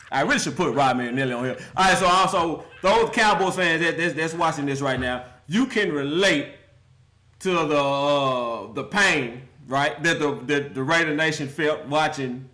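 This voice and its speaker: A man's voice: a little high, sharp tone. A man hosting a casual football rant, laughing often and mocking the teams in a loose, slangy way. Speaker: football commentary vlogger.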